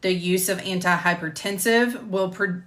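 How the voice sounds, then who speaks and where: A woman instructor reading lecture material on drugs at a measured pace, stopping to correct herself and chat. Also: fairly low pitch, steady tone, fairly bright tone, echoey room. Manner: measured, careful reading of drug terms, self-correcting. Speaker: medical coding instructor. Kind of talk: recording lecture narration, with casual asides. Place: home room with door closed.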